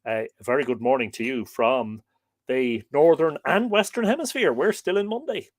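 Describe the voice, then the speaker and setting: An Irish man hosts a live stream, reading aloud from a history book and rambling chattily through viewers' comments. His mid-range voice moves at a moderate pace, with no echo on the recording.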